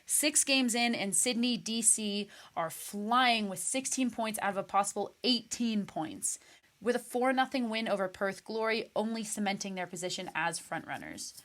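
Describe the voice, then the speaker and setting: A woman hosting a casual sports podcast, animated and enthusiastic. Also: medium pitch, moderate pace. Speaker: podcast host.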